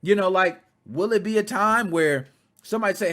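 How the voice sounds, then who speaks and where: A man in his thirties hosting casual commentary, talking straight to his viewers in a blunt, profane, animated way. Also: high-pitched, normal speed. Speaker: commentary channel host.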